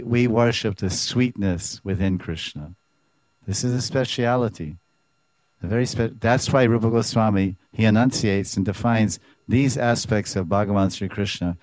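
A man's voice: lowish voice, darkish tone, no echo. A man giving a devotional lecture as a Vaishnava teacher, speaking expressively, repeating words and making playful sound effects.

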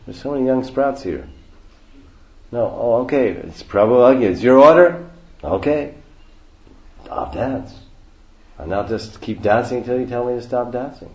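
A man's voice: medium pitch, expressive, measured pace, long pauses, darkish tone. A man voicing an old male devotee who complains about his aching bones and pleads to be spared from dancing, in a roomy, dull recording. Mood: grumbling. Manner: pleading, self-mocking complaints.

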